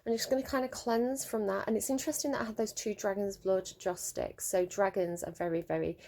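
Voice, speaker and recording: Here is a woman talking through a tarot reading as if thinking out loud. She is halting and musing, with lots of ums and false starts. Her voice sits at an ordinary middle pitch. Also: steady tone, a little hiss or hum. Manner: laughs at her own slips. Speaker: tarot reader. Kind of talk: solo tarot reading to camera.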